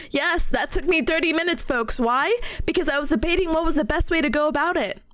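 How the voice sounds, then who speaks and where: A woman's voice: high-pitched, brisk, fairly bright tone, faint music behind. A young woman streaming live in a casual chat, who giggles and laughs often. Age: young adult.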